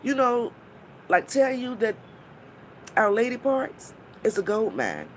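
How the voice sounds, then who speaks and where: A blunt, foul-mouthed woman ranting on her live stream, her pitch swinging widely as she mocks and scolds. She breaks off now and then to greet viewers in the chat, then goes straight back to her point. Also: huge pitch swings, takes it slowly, a little hiss or hum. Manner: blunt, profane and mocking.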